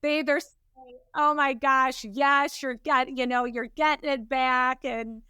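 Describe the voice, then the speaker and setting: A woman parenting expert joins as a guest with a high, smooth voice. She answers in a reflective, conversational way. The sound is close and dry. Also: fairly even intonation, measured pace, bright, forceful tone, dry recording. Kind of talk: interview answers.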